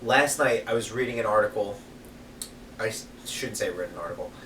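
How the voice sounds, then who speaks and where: A man's voice: lowish voice, brisk. Rambling american man in an echoey room. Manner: rambling, swears for emphasis, lively when telling stories. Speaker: podcast co-host. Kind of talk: casual chat over beers. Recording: echoey room, mic at a distance, faint background noise.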